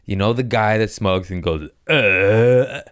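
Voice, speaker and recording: A lowish voice at a moderate pace, captured cleanly in a studio with no echo, belongs to a thirty-something comedy podcast host. He's animated and profane, casually relaying crude stories and doing the voices in them.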